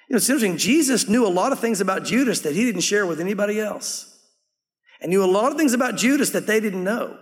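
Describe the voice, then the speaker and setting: High-voiced male pastor in a hall. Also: lively intonation, quick pace. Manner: conversational, acts out quoted voices. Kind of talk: sermon.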